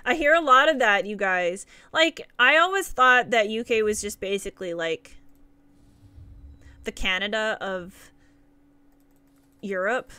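Brief: bright, bubbly female streamer, giggly and chatty, dry close sound. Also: mid-range voice, unhurried, pauses often, smooth, no echo. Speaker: game streamer. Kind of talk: casual live-stream chat with viewers.

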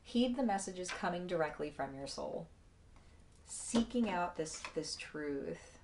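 Low gravelly woman giving a tarot reading. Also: expressive, slow, background noise. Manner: emotional, effusive, swears casually. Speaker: tarot card reader. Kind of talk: casual spiritual card reading.

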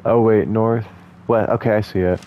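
A man's voice: on the low side, fairly even intonation, normal speed, narrow, tinny audio. Chatty, self-mocking man playing a game. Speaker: let's play host. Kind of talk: casual gameplay commentary.

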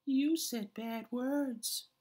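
Super high whiny baby mouse tattling, drawn out and slow, woman putting it on. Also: flat delivery, exaggerated voice. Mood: reproachful. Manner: very high, slow, childish whine. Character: tiny male child mouse, whiny tattletale.

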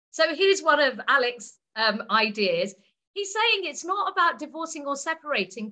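A woman's voice: high-pitched, pushed and bright. A woman speaking as a co-author at a book launch, explaining ideas step by step in a storytelling way.

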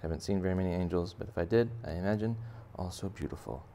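Man, deep and gravelly, for a playful kids' drawing tutorial; casual and jokey. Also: quick pace, mellow. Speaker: art teacher. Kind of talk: drawing lesson for kids.

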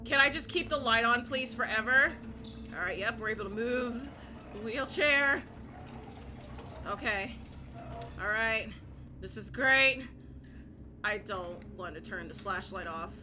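A young woman playing a horror game and commentating, panicking, repeating herself and shouting at the game. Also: on the high side, a little slow, long pauses, background noise. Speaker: gaming YouTuber.

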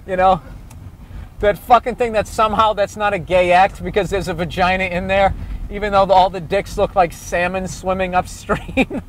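A man's voice: high voice, fairly quick. A man, a comedian, ranting profanely and sarcastically about traffic while driving through city streets. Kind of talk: casual rant while driving.

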